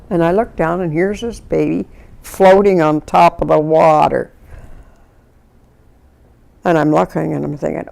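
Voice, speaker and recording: A woman's voice: on the low side, measured pace, vocal fry, pauses often. A woman, recalling her life in an oral history interview and acting out the people in her stories. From Canada. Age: 90s. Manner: lively storyteller who acts out the people in her stories.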